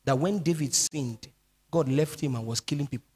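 A man preaching a midweek sermon as pastor, swinging between speech and sung, drawn-out phrases. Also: on the high side, a little mellow, husky. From Nigeria.

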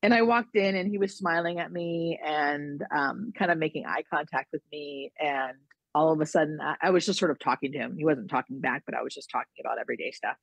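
Hospice-nurse guest, woman, low gravelly voice, chatty storyteller who acts out quotes. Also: brisk, no echo, dull audio. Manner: chatty, lots of likes and you-knows, acts out quotes. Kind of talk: casual interview storytelling.

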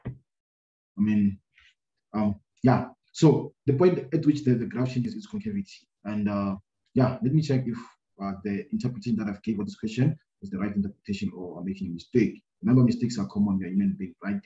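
A man teaching a maths lesson, talking his way through a graph problem out loud, with many fillers and a habit of checking "right?" after each step. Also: lowish voice, animated, a little fast. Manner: thinking aloud, many fillers and repeated "right?". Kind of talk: screen-recorded maths lesson. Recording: roomy, dull lo-fi sound.

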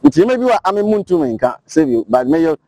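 A Ghanaian man speaking as a guest on a political talk show, telling stories in an animated way. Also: a little high, fast, dry recording. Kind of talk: casual political chat, mixing Twi and English.

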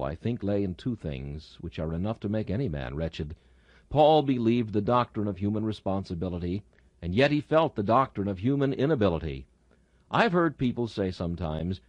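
A man delivers a sermon with a solemn, dramatic cadence, stretching out his weightiest phrases. His voice sits fairly low and sounds dry and close, with no room around it. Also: dry recording. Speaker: preacher reading a sermon. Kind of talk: sermon read aloud.

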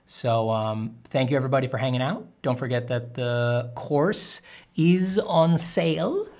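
A man's voice: mid-range voice, a little slow, a little mellow. A man, an artist streaming while drawing, answering chat questions in a candid, rambling way with casual swearing.

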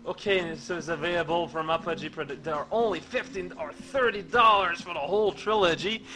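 A young man giving rambling, goofy game commentary in a deadpan way, with many stammered restarts. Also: fairly high pitch, a little fast, hardly any pauses, faint music behind, rough recording. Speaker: let's play commentator.

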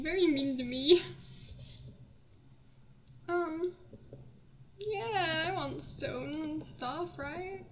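A woman's voice: very high voice, extremely slow, pauses often, lo-fi sound, slight background noise. A young woman giving casual gameplay commentary, flustered, laughing and easily panicked. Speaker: gaming channel host.

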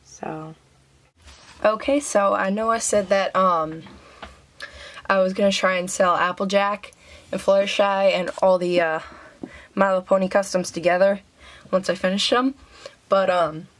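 A woman's voice: mid-range voice, fairly even intonation, moderate pace. A young woman vlogging casually, chatty and giggly, with lots of ums and a slight Southern US accent. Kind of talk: casual vlog.

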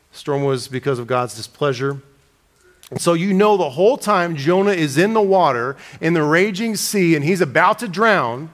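A man preaching an expository sermon, reading scripture aloud with slowed dramatic emphasis. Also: on the high side, fairly bright tone.

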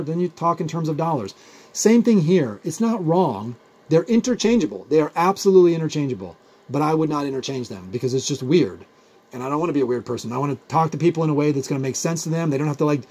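A man's voice: fairly high pitch, a little mellow, slightly rough. A man teaching a physics lesson in a chatty, rambling way, using everyday examples. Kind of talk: recorded video lecture.

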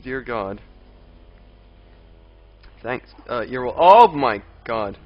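A young man streams a game live, chatting with viewers, reading out and answering chat, and grumbling with exasperated outbursts at enemies. His mid-range voice is animated but very slow. The stream audio is dull and lo-fi, with faint game music.

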